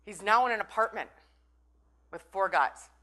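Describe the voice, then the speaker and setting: A woman's voice: medium pitch, expressive, moderate pace, pushed and bright. A middle-aged woman from Minnesota, giving a chatty, playful motivational talk and teasing the audience. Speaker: conference breakout speaker.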